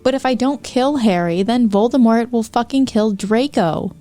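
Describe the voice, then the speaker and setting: A woman's voice: a little high, normal speed, warm tone, soft background music, voice pushed up, lightly acted. A woman voicing an angsty teenage goth girl who speaks in a raised, overwrought, sweary way.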